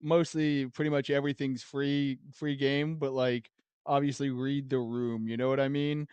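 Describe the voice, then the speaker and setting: A man's voice: mid-range voice, level tone, moderate pace, darkish tone, clear, resonant tone, no echo. A man streaming a game and chatting casually with viewers, laid-back and laughing often between his thoughts.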